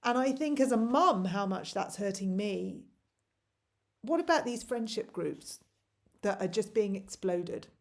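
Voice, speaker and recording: A woman's voice: mid-range voice, lively intonation, measured pace. A woman in her forties, a parent vlogger, delivers an impassioned, pleading monologue to camera full of rhetorical questions.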